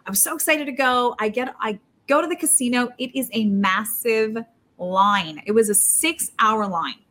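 A woman guest telling a story in an interview, her voice sitting a little high. She talks fast and chatty, restarting sentences as she goes. She leaps up in pitch whenever she acts out what someone said. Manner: animated, acts out quotes with big leaps in pitch. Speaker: poker player. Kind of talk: casual storytelling.

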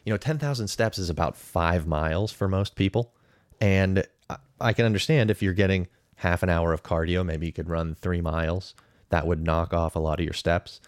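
A man's voice: low-pitched, moderate pace, no room sound, clean studio sound. A man in his thirties giving casual, opinionated podcast commentary, weighing pros and cons in a conversational way. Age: 30s. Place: podcast studio.

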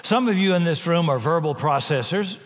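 A man preaching a sermon in a large church, his emphatic voice sitting a little high for a man. He mixes forceful declarations with humorous asides. A long reverb from the hall trails every phrase. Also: animated, brisk. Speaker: pastor.

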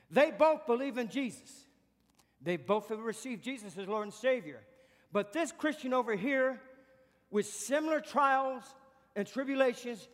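A man's voice: very high voice, big-room sound. A man preaching a sermon, emphatic, asking repeated questions and breaking into spoken praise.

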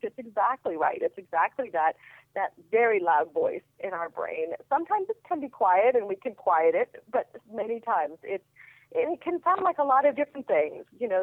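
A woman author answering interview questions in a chatty, storytelling way, with quick asides. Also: medium pitch, dry recording. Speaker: author guest. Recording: tinny phone line, dry.

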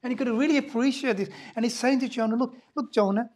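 A woman preaching a sermon in a dramatic, animated way, swinging between loud emphasis and hushed asides. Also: a little high, fast talker.

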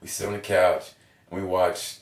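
Animated, foul-mouthed man in his forties. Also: deep voice, moderate pace. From Oklahoma, USA. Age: 40s. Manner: animated, swears freely, laughs often. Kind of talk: candid personal storytelling. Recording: roomy echo, mic at a distance.

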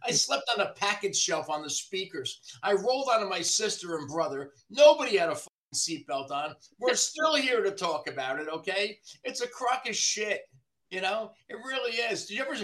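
A man, a body shop owner from the New Jersey area, ranting in casual podcast chat, profane and animated. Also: sits high, moderate pace.

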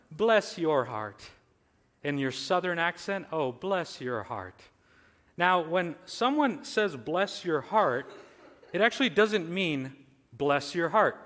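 A man's voice: fairly high pitch, fairly bright tone, in a large hall. A man preaching a sermon earnestly, his voice swelling on lists, with casual fillers and restarts. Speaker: pastor.

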